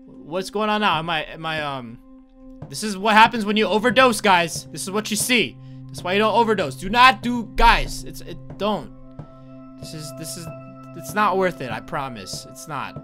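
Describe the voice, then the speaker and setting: A young man from North Carolina giving let's-play commentary, earnest and halting, often stammering and restarting his sentences. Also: high-pitched, sing-song, pushed and bright, soft background music. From North Carolina, USA. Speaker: gaming YouTuber.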